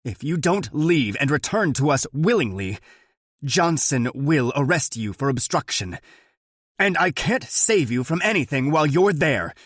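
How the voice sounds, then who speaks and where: A man's voice: a little high, big pitch swings, unhurried, fairly bright tone, dry recording, studio quality, pitched above the performer's own voice, full character voice. Man playing a stern boss on the phone. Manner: firm and reproachful. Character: stern male superior on the phone. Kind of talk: audiobook narration.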